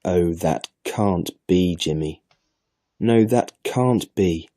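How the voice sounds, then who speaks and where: A man's voice: deep voice, slow pace, warm tone, no echo, clean studio sound. A man voicing a timid, curious little girl who asks pleading questions in a raised voice, reading a storybook aloud. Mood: frightened.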